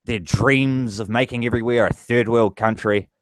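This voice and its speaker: A man's voice: medium pitch, steady tone, moderate pace, no room sound, low-quality recording. A man vlogging a heated, profane political rant straight to his viewers. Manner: angry, profane ranting.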